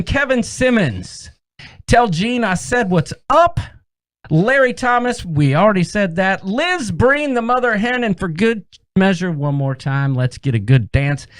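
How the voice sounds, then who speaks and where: A man's voice: sing-song, a little slow, a bit bright, no room sound, clean studio sound. A man co-hosting a live cruise chat stream, greeting viewers by name in a sing-song drawl. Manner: sing-song drawl that swoops high on names.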